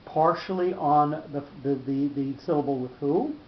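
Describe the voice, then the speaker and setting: Guy teaching a study group, kinda high voice, stops and restarts a lot, dull echoey recording w/ rumble. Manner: halting, many restarts and fillers, slows to spell out terms. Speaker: Torah teacher. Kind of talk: study-session explanation.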